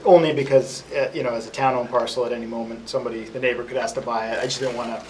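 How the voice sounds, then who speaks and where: A man's voice: mid-range voice, fairly even intonation, racing, darkish tone. A man updating a town board on road and drainage projects in an informal way, with many fillers. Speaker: public works official. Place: meeting room. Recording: distant mic, noisy room.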